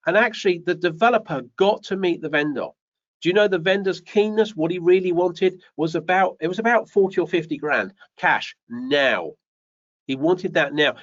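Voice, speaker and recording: A man's voice: fairly high pitch, lo-fi sound. A man hosting a live show, giving business advice with lots of rhetorical questions and repetition. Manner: animated, rhetorical questions, repeats phrases. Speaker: host.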